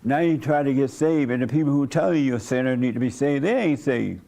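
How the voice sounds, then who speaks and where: A man's voice: mid-range voice, fairly quick, gravelly, mellow. A man leading an informal church service, talking to his congregation in a blunt, folksy, conversational way and coaxing answers from them. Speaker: pastor.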